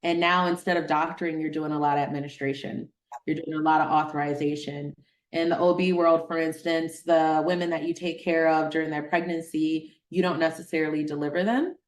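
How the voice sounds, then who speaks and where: A middle-aged woman physician from Detroit telling a personal story in an interview, animated, acting out the voices of people she quotes. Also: deep voice, a little fast. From Detroit, Michigan. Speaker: guest, physician.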